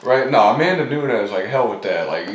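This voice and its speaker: A man's voice: medium pitch, animated, brisk. A man hosting a podcast interview, laid-back and chatty. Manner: laid-back, lots of "like" fillers, laughs along. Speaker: podcast host. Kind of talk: casual interview chat. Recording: roomy echo, faint noise.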